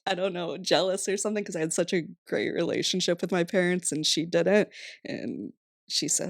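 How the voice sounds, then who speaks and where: In a casual podcast interview, a twentysomething guest from Rhode Island, USA speaks at a moderate pace in a creaky, lowish voice full of lively intonation. She laughs frequently and leans on "like," and the studio sound is clean with no echo.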